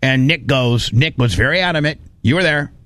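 A man hosting a loose, chatty studio show, ranting and laughing through a long story. He jumps up in pitch when he gets worked up and drops low to mimic other people. The sound is dry and close-miked. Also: moderate pace, no room sound. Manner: animated storyteller, quotes others in put-on voices. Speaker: podcast host. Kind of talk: casual studio chat.

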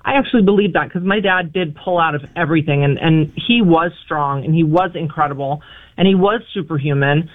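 A woman calling in to a radio talk show, speaking emotionally and haltingly, often restarting her sentences. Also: low voice. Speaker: caller. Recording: tinny phone line.

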